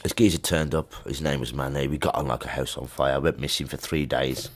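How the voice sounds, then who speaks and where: Middle-aged musician, very low voice, loose chatty storyteller, slangy. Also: male voice, steady tone, fairly quick. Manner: chatty anecdotes with slang and laughs. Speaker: musician guest. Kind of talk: casual storytelling interview.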